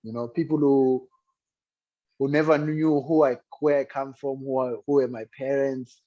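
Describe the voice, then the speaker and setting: A man's voice: medium pitch, flat delivery, normal speed. South african guy, guest on an interview, telling his story all earnest, kinda muffled lo-fi audio. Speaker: guest musician. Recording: dull lo-fi sound.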